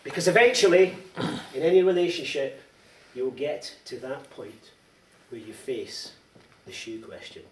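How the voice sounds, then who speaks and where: Speaking at normal speed with few pauses and a fairly high pitch, a middle-aged Scotsman gives a comic after-dinner speech of teasing anecdotes and lively storytelling. The setting is a large dining hall, heard through echo, a distant mic and background noise.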